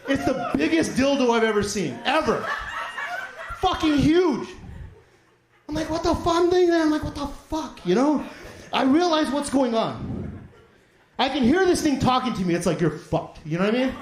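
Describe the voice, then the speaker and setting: A man with a strikingly high voice rambles through a crude, self-mocking stand-up story. He swears freely and laughs at himself as he goes. The sound bounces around a small, echoey club. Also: big pitch swings, moderate pace, pauses often, slight background noise. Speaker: stand-up comedian. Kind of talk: stand-up set. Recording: echoey comedy club stage.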